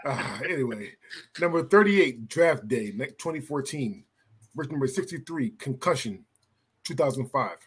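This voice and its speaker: Male podcast host, husky voice, casual delivery, announces results plainly. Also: medium pitch, animated, normal speed. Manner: reads out vote results, laughs easily.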